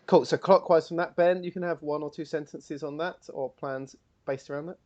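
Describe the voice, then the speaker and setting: Guy running a tabletop game in a fake cockney accent, slangy and chatty, slightly high voice, muffled lo-fi audio. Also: fairly even intonation, fairly quick, a little mellow. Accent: put-on Cockney. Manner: chatty, laughing, slang-heavy. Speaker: game facilitator.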